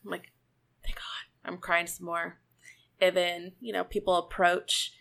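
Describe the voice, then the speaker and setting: Expressive woman podcast co-host. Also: unhurried, creaky. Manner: emotional, re-enacts scenes with high squeaky voices. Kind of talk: casual chat.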